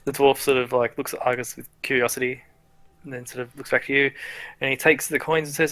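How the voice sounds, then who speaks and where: A man's voice: mid-range voice, steady tone, fast talker, bright, forceful tone, no echo. A man narrating as game master of a tabletop role-playing game in a casual, stop-start way. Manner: casual, many fillers and restarts.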